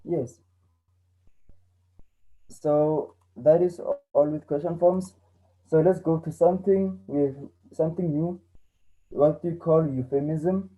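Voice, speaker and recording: Young male teacher, earnest, repetitive explainer, fairly high voice with a very dark tone. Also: fairly even intonation, takes it slowly, pauses often, poor audio. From South Africa. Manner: earnest, repeats himself when explaining. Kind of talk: online English lesson.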